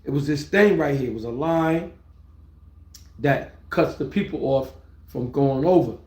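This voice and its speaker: A middle-aged man live-streaming a casual story, rambling and excitable, often restarting his words and swearing freely. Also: a little high, a little slow. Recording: roomy echo.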